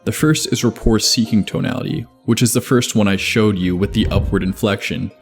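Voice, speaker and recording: A man narrating a scripted video essay in a measured, even explanatory way. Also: lowish voice, gravelly. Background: faint background music.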